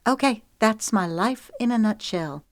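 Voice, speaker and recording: A woman's voice: fairly high pitch, expressive, measured pace, no room sound, voice pushed up. A woman narrator voicing a guarded young female reality show contestant with a wry, candid manner.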